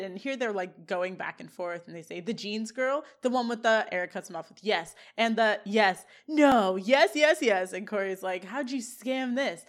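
Young woman podcast co-host, casual recap, animated and playful delivery. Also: medium pitch. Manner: animated retelling with quoted lines.

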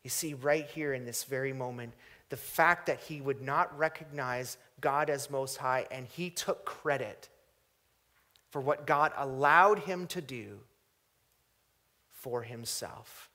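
Slow, dramatic preacher man. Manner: dramatic swings from booming to hushed, slow deliberate phrasing. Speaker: pastor. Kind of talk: sermon.

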